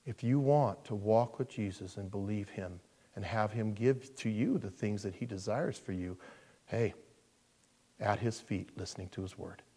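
A man preaching a sermon. He is animated, swings from loud emphasis to hushed asides, and acts out the people he quotes. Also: on the low side, moderate pace, husky. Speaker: pastor.

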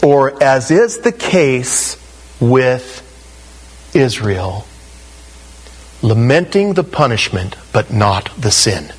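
A man's voice: mid-range voice, very animated, slow pace, pauses often, breathy edge, poor audio. A middle-aged man preaching a sermon in a conversational way, acting out the quotes he tells. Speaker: pastor.

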